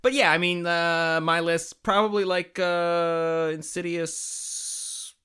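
A man co-hosting a casual podcast, talking about movies in an animated, rambling way and swearing freely. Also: fairly high pitch, slow, clear, resonant tone. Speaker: podcast co-host. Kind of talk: casual movie review chat.

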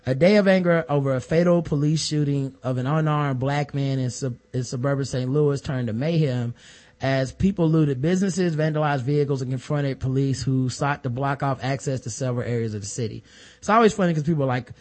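A man co-hosting a casual news discussion podcast, talking in an animated way and acting out the voices of people he quotes. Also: medium pitch, brisk. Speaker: podcast co-host.

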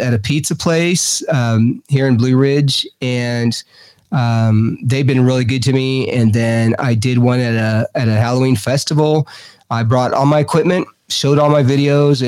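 A middle-aged man from Texas, a guest telling stories animatedly, his voice jumping up high for emphasis. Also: darkish tone, no room sound. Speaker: guest, paranormal investigator. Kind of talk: casual storytelling.

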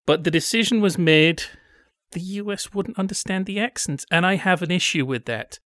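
A man's voice: high voice, moderate pace, a bit bright, no room sound. Wry man hosting a chat, dry sound. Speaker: podcast host. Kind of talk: casual discussion.

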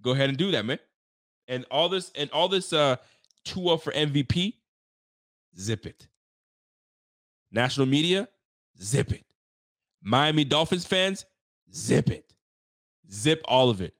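A Canadian man who grew up speaking French and Creole hosts a post-game sports talk stream, hyped, joking, and trash-talking. His voice is on the high side and a bit bright, with lively intonation, a measured pace, and frequent pauses, recorded dry with studio quality.

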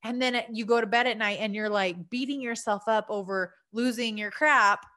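A woman's voice: a little high, normal speed, bright, forceful tone. A woman in her thirties, a mom talking to listeners in an earnest, chatty monologue with many fillers. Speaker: mom podcaster. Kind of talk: casual heartfelt monologue.

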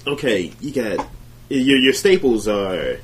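A man's voice: medium pitch, animated, slow pace, a little hiss or hum. A man co-hosting a casual podcast, talking in a profane, rambling way. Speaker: podcast co-host. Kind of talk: casual crude chat.

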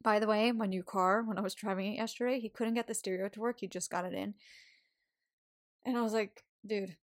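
A woman talks straight to her listeners in a casual wellbeing podcast, cheering them on. She swears freely and laughs as she goes, in a mid-pitched voice. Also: a little fast. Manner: swears often, laughs, animated and encouraging. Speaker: podcast host. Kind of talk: casual motivational monologue.

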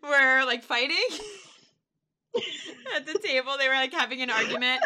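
A woman co-hosting a podcast in casual chat, rambling with lots of fillers and quick laughs. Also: sits high, sharp tone. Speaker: podcast co-host.

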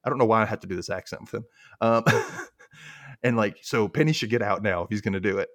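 A man's voice: lowish voice, fast talker, fairly bright tone. A man co-hosting a podcast, casually recapping a TV episode and acting out the characters' lines in put-on voices. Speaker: podcast co-host.

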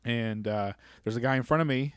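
A man's voice: mid-range voice, a little fast, clear, resonant tone, no echo, studio quality. A man co-hosting a podcast, chatting casually and acting out the people in his anecdotes as he tells them. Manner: animated storyteller who acts out the people in his anecdotes. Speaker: podcast co-host. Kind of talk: casual chat.

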